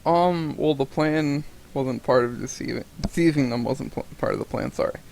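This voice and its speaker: A man's voice: mid-range voice, moderate pace, gravelly, darkish tone. A man running a tabletop game as game master, casual and hesitant with many ums.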